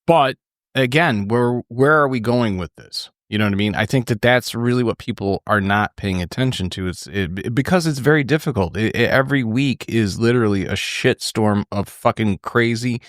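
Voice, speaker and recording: A man's voice: mid-range voice, normal speed, no echo. Male podcast host, swears a lot, rambles through restarts; dry close mic. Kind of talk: casual political chat.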